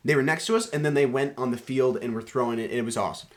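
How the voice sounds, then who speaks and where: Young man, from Canada, podcast co-host, animated storyteller, casual chat. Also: medium pitch, very fast.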